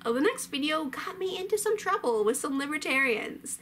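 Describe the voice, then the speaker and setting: A woman in her thirties casually commenting on her old videos, animated and sarcastic with quick asides. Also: high-pitched, a little hiss or hum. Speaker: vlogger.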